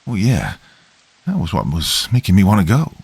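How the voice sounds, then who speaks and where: A man's voice: low-pitched, wildly swooping pitch, moderate pace, creaky, darkish tone, husky, no echo, exaggerated voice. A man voicing a big, clumsy teenage boy who talks in an offhand, casual way.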